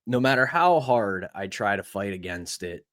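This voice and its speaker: A man from Pittsburgh co-hosts a sports podcast, animatedly retelling an anecdote in a casual storytelling style. His voice is fairly low in pitch at normal speed, recorded in studio quality with no echo.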